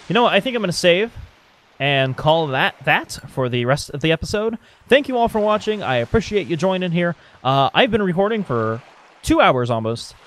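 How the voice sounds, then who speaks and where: A man's voice: a little high, big pitch swings, normal speed. A man giving casual, joking gameplay commentary as a let's player, laughing often. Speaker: video game let's player.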